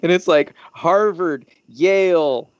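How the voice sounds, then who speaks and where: A man's voice: sits high, slow pace, no room sound, highs cut off. A man co-hosting a casual podcast, rambling through jokes with lots of fillers. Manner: rambling, joking, many fillers. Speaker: podcast co-host. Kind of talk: casual chat.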